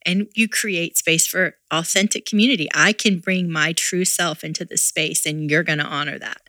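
A woman's voice: fairly low pitch, fairly even intonation, moderate pace, sharp tone, no echo. A middle-aged woman co-hosting a conversation, talking in an earnest, reflective way and laughing easily. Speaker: podcast co-host. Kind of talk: casual conversation.

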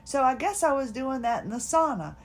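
A woman's voice: high voice, brisk. Chatty, tired woman telling a story. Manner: chatty, laughing, animated retelling with quoted voices. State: fatigued, hard time talking. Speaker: podcast host. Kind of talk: casual personal storytelling.

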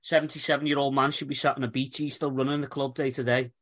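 Weary male panelist, blunt, mid-pitched, swears. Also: little pitch movement, quick pace, a bit bright. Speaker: podcast panelist. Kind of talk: casual podcast chat.

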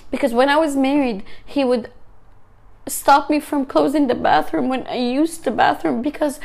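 A woman's voice: high voice, steady tone, moderate pace, creaky, a little mellow. A woman, an author and teacher, giving an earnest, emotional personal testimony. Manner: earnest, emotional, emphatic storytelling. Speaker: author and teacher sharing her story.

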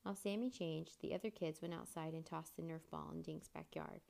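A woman reading a children's chapter book aloud as narrator, in steady storytelling. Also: deep voice, brisk, gravelly.

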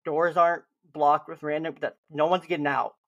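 A young man co-hosting a podcast, chatting casually and acting out gentle reassuring lines to a lost child. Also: a little high, level tone, normal speed, dull audio. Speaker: podcast host. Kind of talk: casual chat.

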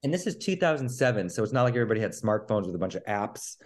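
A man co-hosting a podcast, chiming in with quick, wry comments in casual chat. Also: fairly low pitch, sing-song. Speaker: podcast co-host.

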